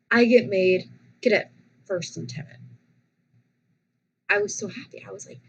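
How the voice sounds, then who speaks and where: A young woman vlogger casually telling personal stories, animated and dramatic, often restarting her sentences. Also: mid-range voice, normal speed, vocal fry, long pauses, slightly rough, poor audio.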